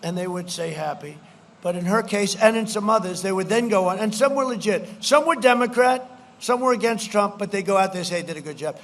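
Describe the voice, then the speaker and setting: A man's voice: sits high, a little fast, a bit bright. A man giving a campaign rally speech on a stage mic outdoors, repetitive and boastful, slipping into mocking quoted voices. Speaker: political speaker at a campaign rally.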